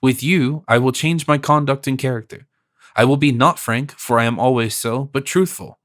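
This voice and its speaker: A man reading an audiobook, voicing a composed, gentle noble princess in a measured, lightly raised voice. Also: medium pitch, lightly acted. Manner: gentle, measured, softly teasing.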